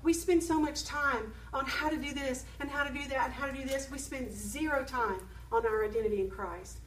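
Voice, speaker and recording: A woman's voice: high voice, fairly quick, fairly bright tone, recorded from a distance, slight background noise. A woman preaching a sermon to a live group, emphatic, repeating key phrases and asking the audience questions. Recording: echoey room, speaker away from the mic.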